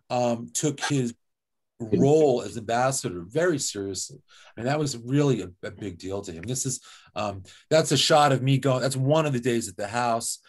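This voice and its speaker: Man telling anecdotes, lively and conversational. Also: mid-range voice. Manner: conversational, lively, with frequent "like" and "you know". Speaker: author and guest speaker. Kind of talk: anecdotal storytelling talk with slides.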